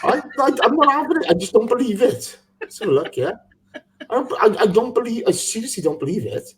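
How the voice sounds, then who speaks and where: A man's voice: extremely high pitch, expressive, quick pace. A man hosting a casual live football podcast, laughing often and reading out listener messages. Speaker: podcast host.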